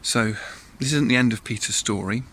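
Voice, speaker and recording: A man's voice: medium pitch, moderate pace, fairly bright tone, slight background noise. A man leading a church all-age talk, telling a Bible story in a chatty way with asides to listeners and acted voices.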